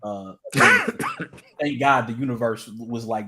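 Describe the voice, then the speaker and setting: A podcast co-host tells stories in casual chat full of laughter, animated and laughing as he goes. His mid-range voice takes things slowly.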